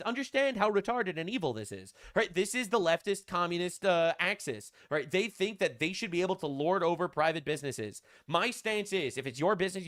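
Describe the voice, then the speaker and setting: A man's voice: high voice, a bit bright. A man delivering a mocking, profane political rant.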